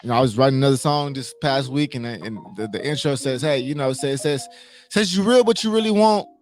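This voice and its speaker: A man's voice: mid-range voice, a little fast. A man hosting a casual motivational livestream, emphatic, repeating his points and asking his listeners questions.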